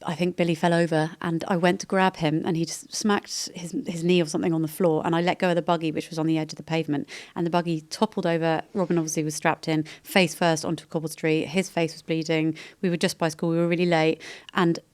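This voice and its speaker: A woman, a podcast guest chatting casually and telling stories with lively reported speech. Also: sits low, fast, few pauses. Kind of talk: casual chat.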